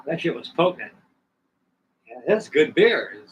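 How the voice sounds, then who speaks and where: A live stream host in his sixties speaks in a fairly high, very animated voice at a measured pace. His long, casual story wanders, with frequent restarts and asides. Faint background noise comes through on the distant mic.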